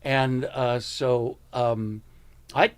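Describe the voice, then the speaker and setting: Very slow and smooth, this medium-pitched American man in his seventies is a comedian guest in a relaxed interview. He spins stories with animation, now and then imitating people he used to know.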